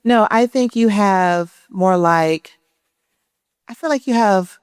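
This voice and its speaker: A woman's voice: medium pitch, slow pace, darkish tone, clean tone, no room sound, studio quality. A woman writing professor in an onstage conversation, talking thoughtfully and searching for the right words. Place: indoor event stage.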